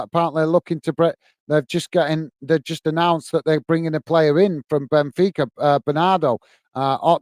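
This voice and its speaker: Reading through the live chat on his football channel stream, a UK host casually thanks fans for their comments. He has a fairly high, slightly mellow voice, captured without any echo.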